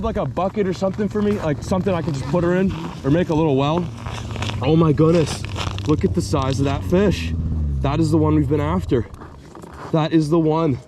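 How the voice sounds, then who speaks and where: A young man filming an excited ice-fishing vlog outdoors on a frozen lake, repeating his exclamations as he lands a fish. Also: fairly high pitch, a little fast, background noise. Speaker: fishing vlogger.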